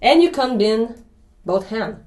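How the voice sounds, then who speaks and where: A woman's voice: a little high, lively intonation, slow pace, roomy sound, heavy background noise. A woman drummer, a guest who is chatty and laughs often, explaining a drum exercise step by step. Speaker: drummer guest giving a pad lesson. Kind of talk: casual interview, then drum lesson.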